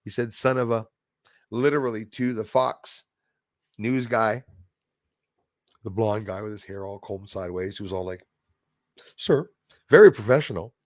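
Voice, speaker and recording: A man's voice: on the low side, moderate pace, long pauses, dry recording, studio quality. A man hosting a casual livestream chat, reading viewer comments aloud and rambling indignantly. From Canada.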